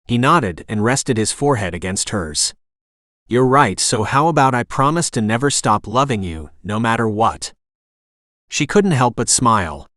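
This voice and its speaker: A man reads a romance audiobook in a calm, even voice and gives the dialogue a gentle touch. His pitch sits in the middle of the range, and the recording is dry and close, with no room sound. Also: dry recording. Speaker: audiobook narrator. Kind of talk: scripted romance narration.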